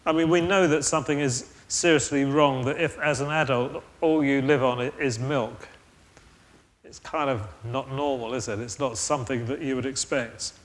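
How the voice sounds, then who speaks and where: A man's voice: medium pitch, fairly even intonation, normal speed. A man preaching a sermon in an earnest, thoughtful way, often restarting his phrases. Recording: long reverb of a large hall.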